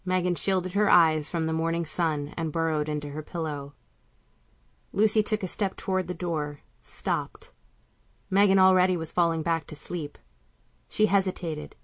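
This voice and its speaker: A woman reading a novel aloud in calm, measured audiobook narration. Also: fairly low pitch, dry recording.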